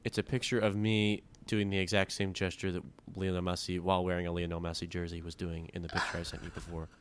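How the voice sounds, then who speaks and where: A man's voice: sits low, little pitch movement, fast talker, clear, resonant tone. A young man co-hosting a casual podcast, rambling and cutting himself off as he tells a story with a joking edge. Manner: rambling, self-interrupting, jokey. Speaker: podcast co-host. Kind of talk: casual chat.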